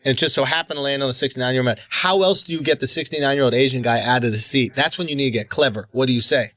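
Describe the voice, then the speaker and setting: A man's voice: medium pitch, racing, a bit bright, no room sound. A man co-hosting a podcast in casual chat, joking and teasing and often laughing. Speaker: podcast co-host.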